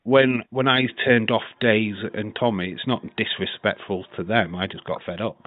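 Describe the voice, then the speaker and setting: A man chatting casually on a podcast, blunt and animated, swearing freely. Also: on the low side, normal speed, no echo. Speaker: podcast co-host. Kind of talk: casual chat. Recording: tinny phone-like line.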